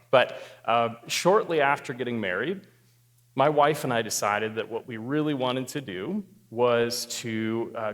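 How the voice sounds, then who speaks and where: A man from Sioux Falls tells a comic, self-deprecating story to a live group, his voice neither high nor low. He builds up to the funny moments and then eases into calm advice. The sound carries a long reverb, as in a large hall. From Sioux Falls, South Dakota. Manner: animated storyteller, self-mocking humor, gets louder and higher at climaxes. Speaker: marriage therapist speaking at a church group.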